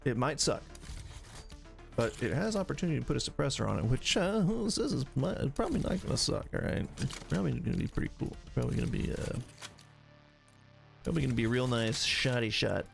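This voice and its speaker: A man with a gravelly, fry-laden voice of middling pitch gives loose, jokey commentary while he plays a shooter game. He rambles, trips over his words and restarts sentences, with faint music underneath. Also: sing-song, brisk. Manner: rambling, jokey, self-interrupting. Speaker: game streamer. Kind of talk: casual gameplay commentary.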